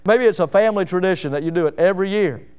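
High, clear-voiced man preaching. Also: rapid-fire, a little mellow. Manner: emphatic, full of rhetorical questions. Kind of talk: sermon.

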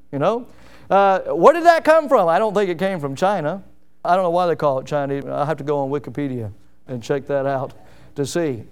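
A man's voice: on the high side, a little fast, smooth. A man preaching a sermon in an emphatic manner, driving his points home with frequent rhetorical questions.

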